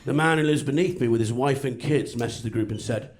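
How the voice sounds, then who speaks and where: A man doing a stand-up comedy routine on a club stage, with a sardonic, deadpan delivery and crude jokes. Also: medium pitch, fast, few pauses. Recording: noisy live club recording. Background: audience laughter.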